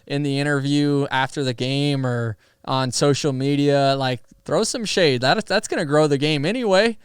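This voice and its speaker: A young man and podcast guest telling stories in a casual, animated way, laughing often and using many fillers. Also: fairly high pitch, moderate pace, clear, resonant tone, no room sound, studio quality. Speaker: podcast guest, pro athlete. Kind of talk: casual storytelling conversation.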